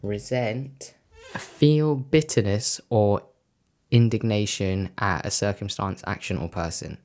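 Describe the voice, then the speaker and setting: A woman's voice: rumbling low, slow pace, darkish tone. A young woman co-hosting a podcast in casual chat, supportive and thoughtful and leaning on fillers. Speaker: podcast co-host.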